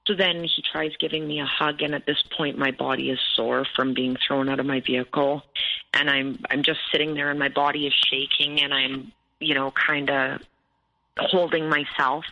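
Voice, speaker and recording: A woman's voice: low voice, flat delivery, normal speed, vocal fry, lo-fi sound. A woman recounting a painful personal story in an interview, tense and detailed, often quoting what was said. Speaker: abuse survivor guest.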